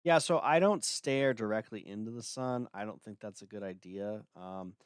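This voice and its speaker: A man's voice: on the low side, normal speed, smooth, dry recording, clean studio sound. A man hosting a livestream, talking casually in a blunt, dismissive way with lots of filler words. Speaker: livestream host.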